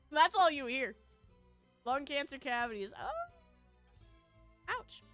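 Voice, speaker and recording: A woman's voice: high voice, animated, slow pace, sharp tone, no room sound, faint music behind. A woman streamer chatting casually with her viewers, telling a rambling story full of fillers and frequent laughter. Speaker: VTuber streamer.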